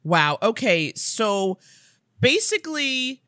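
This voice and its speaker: A woman from New York City co-hosting a comedy podcast, with a bright, sharp tone and a lively pitch. She rants and explains with conviction, and her voice sounds dry and close. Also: takes it slowly, dry recording. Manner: emphatic, ranting, explains with conviction. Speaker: podcast co-host. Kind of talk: casual comedic chat.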